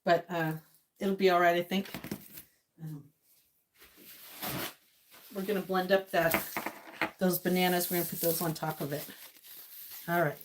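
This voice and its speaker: A woman's voice: fairly low pitch, steady tone, a little slow, pauses often, background noise. A woman vlogging casually to her viewers from her home kitchen and yard, chatting and talking to herself as she goes. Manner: chatty, talks to herself while cooking.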